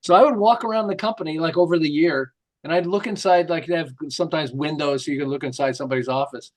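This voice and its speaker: A middle-aged man, a marketing author, telling lively stories in an interview and acting out the quotes. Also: fairly high pitch, fast talker. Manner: lively, jokey, acts out quotes with laughs. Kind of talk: animated storytelling interview.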